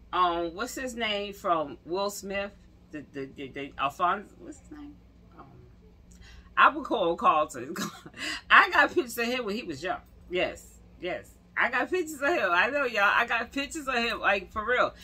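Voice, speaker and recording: A woman, telling stories to camera in a slangy, animated way and acting out what people said. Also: medium pitch, breathy edge. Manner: animated, slangy, laughs and acts out quotes. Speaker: vlogger. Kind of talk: casual storytelling to camera.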